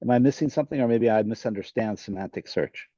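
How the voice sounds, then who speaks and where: A man from the audience asking a follow-up question on a video call, halting as he searches for words. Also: lowish voice, mellow, dry recording. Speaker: audience member. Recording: dull, muffled call audio.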